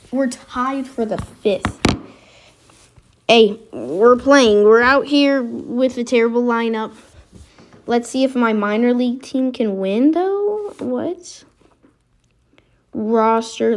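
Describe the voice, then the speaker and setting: Slow-talking excitable woman gamer. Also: a little high. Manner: excitable, chatty, reacting aloud to the game. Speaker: gaming video creator. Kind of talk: casual gameplay commentary.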